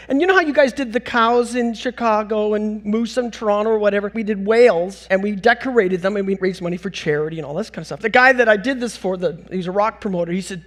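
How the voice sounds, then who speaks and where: A middle-aged man from North America tells funny stories from a stage in a high, bright voice. He speaks with an animated, self-mocking bounce and laughs through his own punchlines. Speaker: conference speaker. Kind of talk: storytelling keynote talk. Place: conference hall stage.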